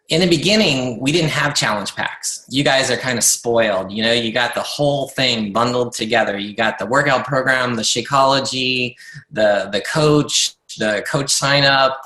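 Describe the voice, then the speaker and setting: A man with a bright, forceful voice gives a motivational talk to his coaching team. He speaks earnestly and conversationally, with frequent fillers and restarts. The sound is roomy and echoey. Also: medium pitch. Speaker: network marketing coach leading a team call.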